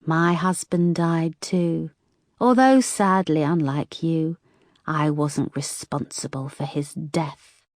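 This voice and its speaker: A cold, unhurried female killer speaks in a muffled whisper over a phone line, voiced by a woman narrator. Her voice stays low and even, and every word lands slowly and calmly. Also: no echo, studio quality. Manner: slow, calm, menacing.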